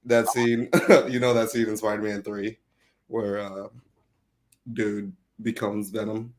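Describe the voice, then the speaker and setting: A man's voice: on the low side, little pitch movement, slow pace. A man co-hosting a casual live podcast, laid-back and laughing often as he acts out imagined dialogue. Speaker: podcast co-host. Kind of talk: casual chat on a live stream.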